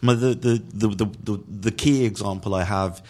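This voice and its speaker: A man's voice: lowish voice, mellow. A man on a football podcast, speaking carefully with lots of restarts and hesitations. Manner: halting, many restarts, careful. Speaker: podcast guest. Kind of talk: casual football podcast chat.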